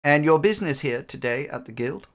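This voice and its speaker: A man voicing a prim, formal woman who clerks for a merchant guild, speaking politely and haltingly with ums. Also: a little high, animated, fairly bright tone.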